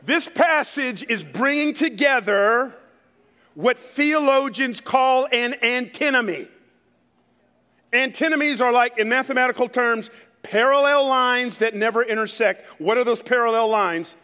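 A pastor in his thirties preaches with a high, bright voice that carries real fervor. He drops into hushed storytelling, then builds to loud, emphatic declarations. A long reverb trails behind his words. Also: measured pace, smooth. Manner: preaching with rising fervor and street-tinged emphasis. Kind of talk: sermon.

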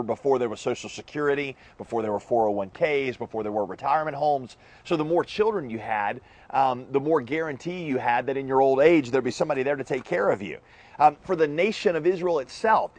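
A man preaching a sermon as a pastor, conversational and full of joking asides. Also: medium pitch.

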